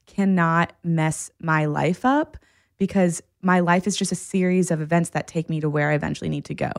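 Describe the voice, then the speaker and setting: A woman therapist guest on a podcast, talking in a calm, reassuring, reflective way. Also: on the low side, moderate pace, no echo, studio quality. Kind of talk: casual chat.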